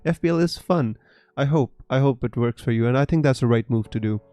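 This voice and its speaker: A man's voice: medium pitch, a little fast, mellow, dry recording. A man from Punjab with a Punjabi Indian English accent, chatting casually on a live stream and reading out viewer questions in an easygoing, chatty way. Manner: chatty, easygoing, peppered with "you know" and "bro". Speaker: fantasy football streamer.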